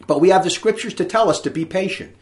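A man's voice: high-pitched, fast talker. A man preaching a sermon, reading scripture aloud in a fiery, emphatic way.

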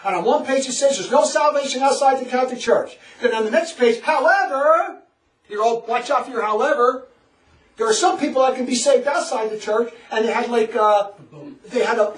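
A man giving a passionate religious lecture to a small group, animated and laughing often as he acts out quotes. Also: very high-pitched, roomy sound, far from the mic, rough recording. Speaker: religious teacher.

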